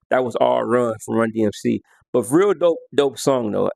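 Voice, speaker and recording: A man's voice: mid-range voice, animated, a little fast, gravelly, darkish tone, no echo. A man counting down his favorite songs in a casual, slangy way, half-singing lyrics and beats as he goes. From United States. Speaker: music vlogger.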